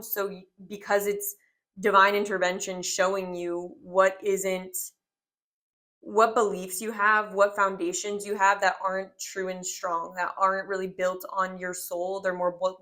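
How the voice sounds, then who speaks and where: A woman's voice: mid-range voice, fairly bright tone. A woman in her twenties doing a casual tarot reading, talking in a rambling, heartfelt way full of filler words. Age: 20s. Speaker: tarot reader.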